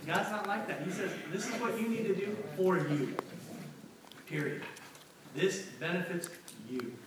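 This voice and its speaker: High-voiced guy preaching, chatty sermon, far off in a big echoey church, people murmuring back. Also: measured pace, crowd noise. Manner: conversational, asks the room for responses. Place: church hall with congregation.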